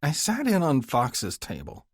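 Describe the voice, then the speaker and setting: Audiobook mom voiced by a man, high sing-song, wheedling, brash. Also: huge pitch swings, a little slow, breathy edge, no room sound, studio quality, heavily acted. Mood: pleading. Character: older woman, biker's mother, wheedling and brash.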